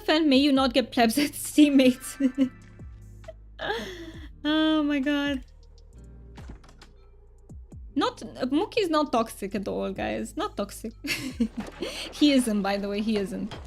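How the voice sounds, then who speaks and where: Woman putting on a thick fake Romanian accent. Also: on the high side. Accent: put-on thick Romanian accent. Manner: playful, thanks viewers often. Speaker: game streamer. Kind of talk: casual live-stream chat. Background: faint background music.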